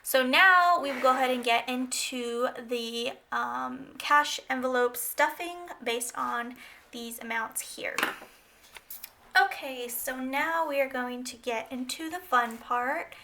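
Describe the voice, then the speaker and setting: A woman's voice: high-pitched, slow pace, creaky, bright, forceful tone, slight background noise. A woman vlogger chatting casually and a bit scatter-brained while she counts cash into budget envelopes.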